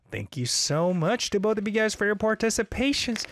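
A man's voice: moderate pace, hardly any pauses, no room sound, clean studio sound. A man hosting a casual radio show, reading listener messages in a chatty, upbeat way. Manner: chatty and upbeat, animated swings in pitch.

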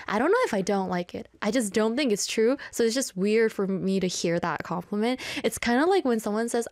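A woman's voice: mid-range voice, brisk, few pauses, darkish tone, dry recording. A woman hosting a radio show in a studio, chatting casually and playfully and reading listener messages with frequent giggles.

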